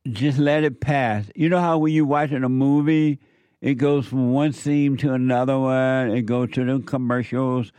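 A man hosting a call-in show, giving advice to a caller in a slow, emphatic way and repeating his points. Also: medium pitch, steady tone, warm tone, clear, resonant tone, dry recording.

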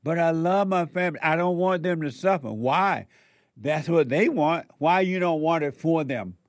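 A man's voice: fairly high pitch, moderate pace, dry recording. A man preaching a spiritual sermon, emphatic and repetitive, firing rhetorical questions at his listeners.

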